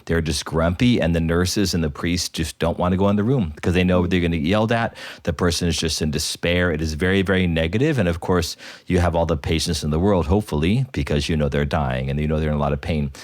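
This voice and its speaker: A man's voice: sits low, fast, no room sound, clean studio sound. A man, a priest co-hosting a podcast, talking reflectively with frequent repeated starts. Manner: thoughtful, with many repeated starts.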